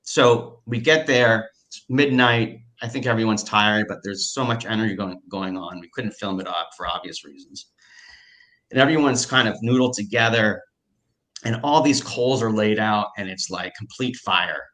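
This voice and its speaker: Man, casual storytelling, lower pitch, forceful bright tone, excitable, lots of fillers. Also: normal speed. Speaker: storyteller recounting a personal experience.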